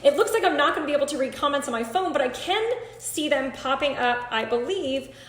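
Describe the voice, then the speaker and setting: A woman's voice: high-pitched, a little fast, reverberant. A woman hosting a live stream, talking casually, nervous and shaky with many hesitant ums, close to tears. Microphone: phone or computer.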